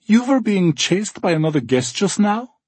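A man's voice: sits high, sing-song, a little mellow, slightly rough, no echo, pitched above the performer's own voice, exaggerated voice. A man doing a cheerful German-accented AI guide. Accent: slight German. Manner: cheerful, polite, slow and formal. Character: big cheerful blond male AI guide.

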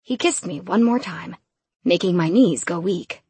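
A woman reading a novel aloud in first person, in a brisk, casual way. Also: lowish voice, a little mellow, breathy edge, no echo. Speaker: audiobook narrator.

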